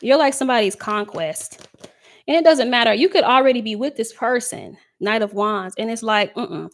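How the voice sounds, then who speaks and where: A woman doing a relaxed live tarot love reading for her viewers. She talks in a loose, conversational way, reads out their comments and breaks into laughter often. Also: mid-range voice. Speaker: tarot reader.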